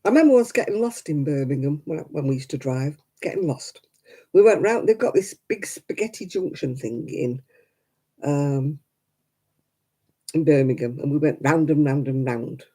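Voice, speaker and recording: An older woman hosts a crafting livestream, chatting casually with viewers, rambling and laughing often. Her low voice is mellow and slightly rough, with lively intonation and a normal speed.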